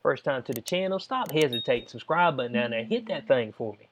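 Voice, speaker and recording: A man hosting his own channel, talking straight to viewers in a slangy, animated, mocking commentary style. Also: medium pitch, brisk, a little hiss or hum. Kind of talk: casual reaction commentary.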